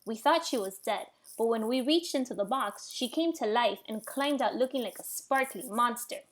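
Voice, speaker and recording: A woman voicing a chatty, friendly female otter with a lively, bright voice. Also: on the high side, normal speed, natural voice.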